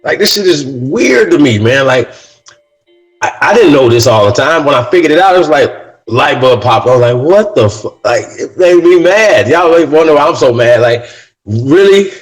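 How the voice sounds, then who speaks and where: A man's voice: fairly high pitch, animated, moderate pace, faint music behind, low-quality recording. A man hosting a casual talk show, speaking in a loose monologue that keeps landing on "man" and "right?", and getting heated as he goes. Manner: says "man" and "right?" often; gets heated. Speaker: podcast host.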